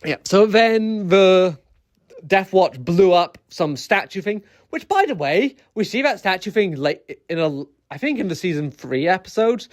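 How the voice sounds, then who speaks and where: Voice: mid-range voice, expressive, unhurried. A video essayist ranting casually, rambling through many fillers and restarts with exasperated, incredulous asides.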